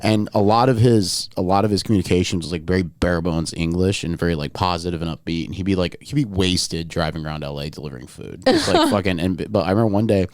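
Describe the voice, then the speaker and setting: A man's voice: sits low, very animated, fast talker, hardly any pauses, no room sound, clean studio sound. A man co-hosting a podcast in casual chat, a laid-back storyteller who swears freely. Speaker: podcast co-host.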